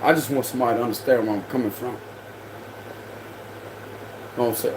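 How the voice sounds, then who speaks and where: A man's voice: mid-range voice, steady tone, fast, noisy background. A young man reading tarot on a livestream, ranting in a heated, confrontational, slangy way. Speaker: tarot reader. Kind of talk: livestream rant.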